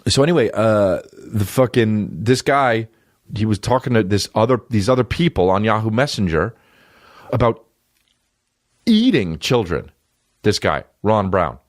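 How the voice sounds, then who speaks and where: A man in his forties riffs through crude comedy on his own podcast, his lowish voice swinging widely in pitch as he leaps into silly impressions. The sound is dry and close, recorded at a studio mic. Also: a little slow, no echo. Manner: animated, jumps to high silly voices for impressions, crude jokes. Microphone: studio microphone.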